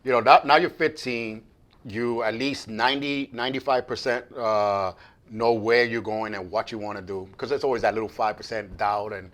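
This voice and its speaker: A man hosting a casual interview, laid-back and rambling, with many fillers and soft asides. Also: fairly low pitch, steady tone, moderate pace. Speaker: interview host.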